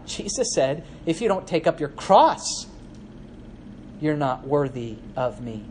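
A man's voice: a little high, sing-song, slow, a little hiss or hum. A man preaching a sermon in a church, teaching through a Bible passage. He speaks conversationally, asks the listeners questions, adds asides and acts out quoted speakers.

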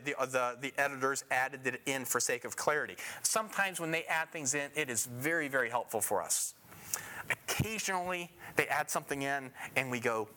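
A man's voice: mid-range voice, sharp tone. A man teaching a Bible passage verse by verse. He emphasizes key phrases and puts questions to his listeners before answering them himself.

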